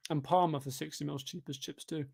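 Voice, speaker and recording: A young man chatting through a live football watchalong, tired, reading out chat questions and breaking into sudden excited shouts at the game. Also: a little high, fast, vocal fry, slightly rough. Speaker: livestreamer reading chat during a match.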